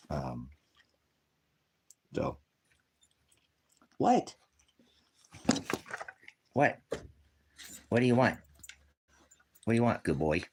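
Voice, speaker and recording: A man's voice: on the low side, huge pitch swings, extremely slow, long pauses, heavy background noise. Profane, ranting older man streaming live. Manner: profane, rambling, swings between mutters and loud rants. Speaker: livestreamer. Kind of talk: rambling live-stream monologue.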